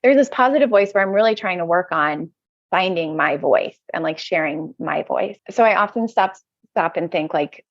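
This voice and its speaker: Lady guest on a podcast, gravelly lowish voice, halting and searching for words, kinda muffled dry sound. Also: expressive, no echo. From United States. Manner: hesitant, self-searching, frequent restarts. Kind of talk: reflective conversational interview. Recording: slightly dull lo-fi audio.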